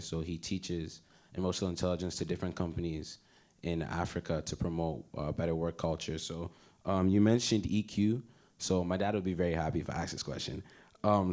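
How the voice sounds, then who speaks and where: Young man, very low voice, asking questions. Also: a little mellow. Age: young adult. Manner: polite, hesitant. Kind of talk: audience question.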